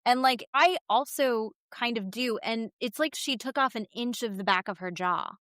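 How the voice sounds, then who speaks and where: A woman podcast co-host recaps reality TV in a casual chat. Her voice is bright and a little high, recorded dry and close. She talks in an animated way, breaking off and restarting, and acts out what people said. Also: normal speed, no room sound. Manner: animated retelling, acts out quotes, frequent restarts.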